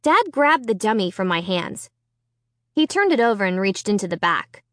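A woman with a mid-range voice reads a children's horror novel aloud at a moderate pace. The audiobook narration is scripted and expressively told, recorded dry with studio quality.

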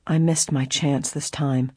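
A reader voicing an earnest young woman detective, anxious but steady, in a husky voice. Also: low-pitched, measured pace, no room sound, clean studio sound, heavily acted. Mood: regretful.

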